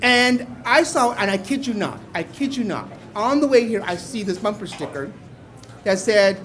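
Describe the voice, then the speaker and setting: An older man from Mexico telling a story on stage to a live audience, playful and wry, now and then bursting into loud exclamations. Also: sits high, expressive, normal speed. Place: small bar venue before a live audience.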